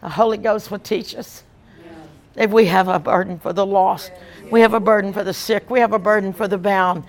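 A woman evangelist, preaching an emphatic, animated sermon with repeated lines. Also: mid-range voice, moderate pace.

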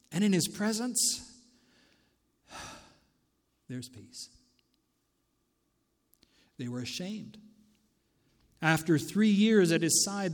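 A man preaching a sermon as pastor, swinging dramatically between loud declarations and hushed near-whispers. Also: on the high side, in a large hall. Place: church sanctuary.

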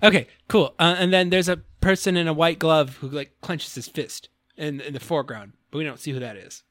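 A man's voice: fairly high pitch, fairly even intonation, brisk, fairly bright tone, no echo, clean studio sound. A man co-hosting a podcast, casually recapping a game's story and laughing often as he acts out characters' lines. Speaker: podcast co-host. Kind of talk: casual game recap chat.

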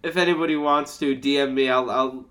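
A man's voice: mid-range voice, fairly even intonation, a little fast, bright, forceful tone. A young man hosting a podcast, telling a crude story in a rambling way with lots of fillers. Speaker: podcast host. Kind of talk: casual podcast chat.

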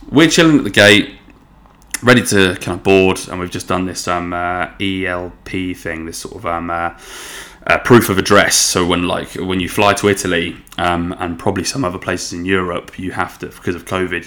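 A young man telling a long story in a casual, rambling way, swearing freely and getting excitable. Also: low voice. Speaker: podcast host.

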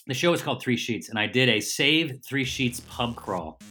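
A man's voice: medium pitch, breathy edge. A middle-aged man, a comedian and TV host, telling a casual, rambling story as a podcast guest and correcting himself as he goes. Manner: lively, rambling storyteller with quick self-corrections.

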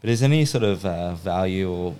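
Man, 20s, host; rambling asker, deep resonant tone. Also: animated, fairly quick, a little mellow, clean tone. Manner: rambling, hesitant questions. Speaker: podcast host. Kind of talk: casual interview chat.

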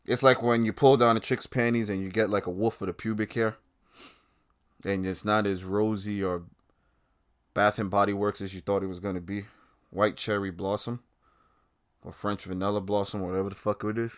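A man's voice: fairly low pitch, little pitch movement, normal speed, pauses often, clear, resonant tone. A man hosting his own podcast, ranting in a heated, profane and sarcastic way. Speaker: podcast host. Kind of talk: casual ranting commentary.

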